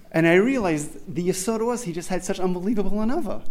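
A man's voice: high voice, expressive, fast, few pauses, a little mellow. A man earnestly telling a personal tribute story, often restarting and repeating phrases, with many Hebrew religious terms. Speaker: speaker remembering his rabbi.

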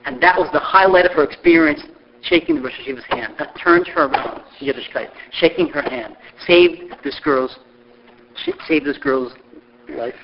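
A middle-aged man tells stories with a high, gravelly voice that leaps across a wide range. He acts out the people he quotes as he goes. The recording sounds dull and lo-fi. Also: moderate pace, slight background noise. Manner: lively storyteller who acts out quoted voices. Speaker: speaker sharing memories of a mentor. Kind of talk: animated storytelling talk.

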